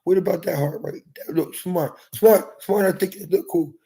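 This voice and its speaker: With a high, mellow voice touched by vocal fry, a man in his forties talks at a moderate pace directly to viewers from inside his house. His profane, rambling monologue hops from subject to subject.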